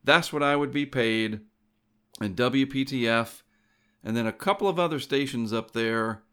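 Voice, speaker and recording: A man's voice: medium pitch, normal speed, pushed and bright, smooth. A middle-aged man who hosts a show, casually telling a personal story in a digressive way that keeps correcting itself. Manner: rambling and digressive, self-correcting.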